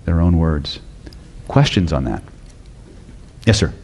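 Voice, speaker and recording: A man's voice: low-pitched, very animated, slow pace, a little mellow, long reverb tail, a little hiss or hum. A man teaching hypnosis at a live seminar, blunt and profane, often quizzing the audience. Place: lecture hall with audience.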